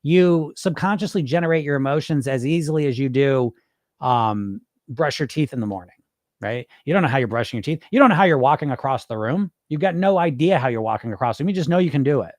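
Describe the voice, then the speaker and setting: A man's voice: medium pitch, expressive, fast, a little mellow, no echo, studio quality. A middle-aged man hosting a live podcast stream, chatting loosely and reading viewer comments aloud with many fillers and restarts. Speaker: podcast host answering live chat. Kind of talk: casual live-stream talk.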